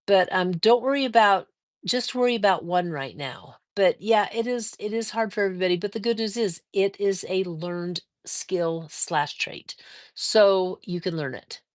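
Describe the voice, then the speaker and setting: An older woman hosts a casual quilting livestream, reading viewer comments out loud and replying with chatty encouragement and drawn-out fillers. Her voice is medium-pitched, and the recording is dry and clean, with studio sound.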